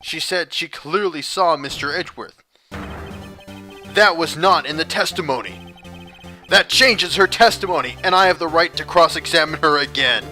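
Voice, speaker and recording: A man's voice: fairly high pitch, normal speed, bright, forceful tone, soft background music, voice pushed up. A man voicing an earnest young male defense lawyer, reading game lines assertively. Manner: assertive, declaiming.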